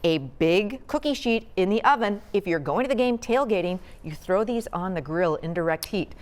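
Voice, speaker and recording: A woman's voice: mid-range voice, animated, moderate pace, a little mellow, a little hiss or hum. A woman guest on a talk show demonstrating a recipe, chatty and instructive, often repeating herself. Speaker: cooking guest. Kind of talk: cooking demo chat. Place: TV studio kitchen.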